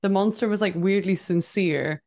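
A woman's voice: mid-range voice, moderate pace, a little mellow. A young woman co-hosting a casual movie podcast, easygoing and often laughing. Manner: easygoing, laughs often, short agreeing replies. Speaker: podcast co-host.

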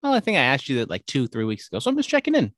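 A man co-hosting a casual sports talk show, running through scores and records with wry, upbeat energy. His voice is mid-pitched and sounds dry and close, with no room around it. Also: wildly swooping pitch, racing, a bit bright, no room sound. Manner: upbeat, wry, jumps between stats and jokes. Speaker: podcast co-host.

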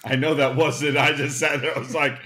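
A man's voice: fairly high pitch, little pitch movement, a little fast, pushed and bright. A man co-hosting a casual chat with friends, ranting and swearing a lot. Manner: swears a lot, rambling rants.

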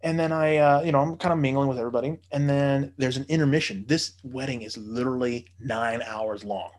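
A man telling a casual anecdote, animated, swearing freely and acting out the voices of the people he quotes. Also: medium pitch, a little fast. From United States.

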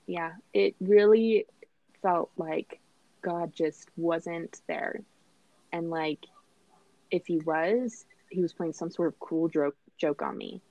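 A woman's voice: on the low side, slow pace, creaky, warm tone, dry recording. Laughing, chatty young woman, dry lo-fi sound. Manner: chatty, laughs often, lots of "like" and "um". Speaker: guest. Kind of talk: casual personal storytelling. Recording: slightly dull lo-fi sound.

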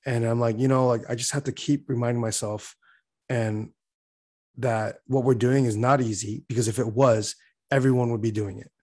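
A man chatting casually on a podcast, telling an animated story with lots of fillers and acting out his own frustration. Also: mid-range voice, normal speed. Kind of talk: casual chat.

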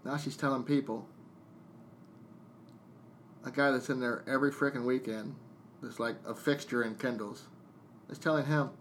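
A man's voice: medium pitch, fairly even intonation, moderate pace, pauses often, a bit bright, a little hiss or hum. A man who works as a DJ, a guest on a casual podcast, venting a story bluntly with plenty of swearing and acted-out bits of dialogue. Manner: venting, blunt and profane, jumping into quoted dialogue.

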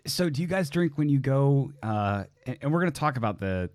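A man interviewing casually, with a halting, stammering and easygoing way of talking. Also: mid-range voice, expressive, darkish tone, no echo.

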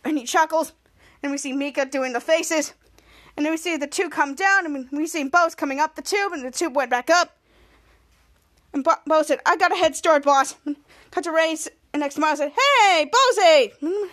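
A woman with a high voice hosts a casual podcast recap. She narrates each scene in a loose, rambling run, stumbling over words and restarting mid-sentence as she goes. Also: brisk, fairly bright tone. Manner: rambling scene-by-scene retelling with self-corrections. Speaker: podcast host.

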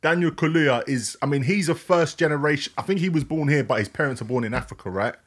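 A man's voice: fairly high pitch, fast talker. A man co-hosting a podcast, chatting earnestly, repeating himself and checking the other host follows him. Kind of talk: casual chat.

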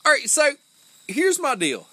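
A man's voice: very high voice, huge pitch swings, a little slow, pushed and bright, rough recording. A man in his forties hosting a casual chat, blunt and emphatic, swearing constantly. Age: 40s. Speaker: podcast host.

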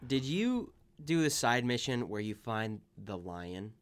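A man chatting casually about a video game, telling a long side-quest story in a loose, rambling way. He fills it with hesitations and pops into quick voices for the characters he describes. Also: mid-range voice, sing-song, clean tone.

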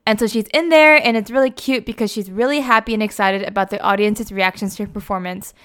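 A woman's voice: medium pitch, fairly even intonation, fast talker, smooth. A young adult woman casually retelling a story, chatty and full of fillers like "like" and "you know".

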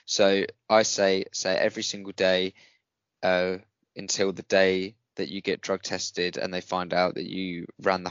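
A rambling, jokey man co-hosting a relaxed chat, his lowish voice coming through dry and a little dull. He talks with an easy lilt. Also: clean tone, no echo. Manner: jokey, rambling, quick to laugh. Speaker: podcast co-host. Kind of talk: casual chat. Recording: dry, slightly dull sound.

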